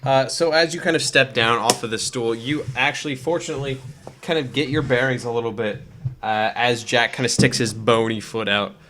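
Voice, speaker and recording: A man running a tabletop game as game master, narrating with many pauses, uhs and likes. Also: mid-range voice, steady tone, bright, forceful tone, slight background noise. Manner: hesitant, full of uh and like.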